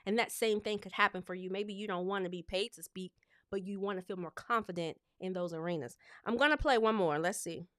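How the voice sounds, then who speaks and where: A woman hosting a live show as a speech coach, talking in a lively, expressive, conversational way. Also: medium pitch, brisk, no echo, clean studio sound.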